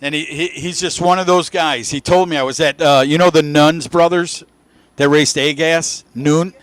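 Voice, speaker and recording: A man in his sixties commentating live drag racing, telling folksy stories and shouting when the cars run. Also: on the high side, moderate pace, no room sound. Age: 60s. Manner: folksy storytelling, shouts with excitement at the action. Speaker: race commentator.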